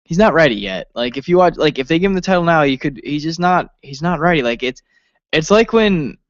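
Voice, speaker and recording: A man co-hosting a casual wrestling review, excitable, swearing often and laughing as he talks. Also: fairly high pitch, brisk, dry recording, muffled recording. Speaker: podcast co-host.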